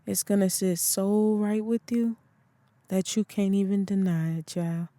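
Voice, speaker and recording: A reader voicing a calm older spiritual woman in an audiobook who gives soothing, assured counsel. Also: medium pitch, measured pace, no room sound, lightly acted. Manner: soothing, assured, calls others child. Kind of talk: audiobook character voice.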